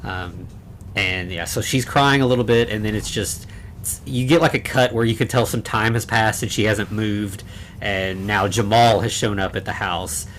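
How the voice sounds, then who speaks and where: A man's voice: fairly low pitch, moderate pace, fairly bright tone, a little hiss or hum. A man co-hosting a horror podcast, recapping a film in casual chat, rambling with many fillers and restarts. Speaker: podcast co-host.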